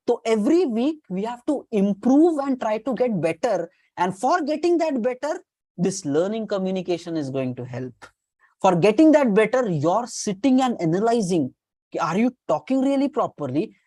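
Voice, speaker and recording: A woman's voice: medium pitch, mellow, no room sound. A woman with an Indian accent teaching an online class on communication skills, coaching her students, repeating key points and mixing Hindi phrases into her English.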